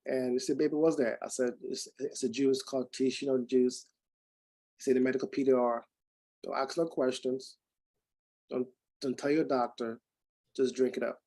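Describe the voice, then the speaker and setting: A man's voice: medium pitch, normal speed, long pauses, rough recording. A man in his forties telling a personal story to a group, acting out the dialogue with many restarts. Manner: animated, acts out quoted dialogue with many restarts. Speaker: speaker giving a testimonial.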